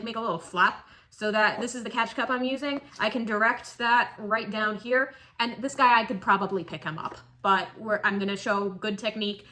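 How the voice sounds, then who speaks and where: A woman's voice: medium pitch, bright, forceful tone, a little hiss or hum. A young woman keeping tarantulas, giving a casual, chatty how-to tutorial with emphatic points and cooing asides. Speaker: tarantula keeper demonstrating shipping.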